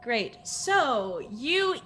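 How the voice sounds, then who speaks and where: A woman's voice: on the high side, sing-song, drawn-out words, a bit bright, faint music behind. A woman running a tabletop game as game master, describing scenes in a storytelling manner.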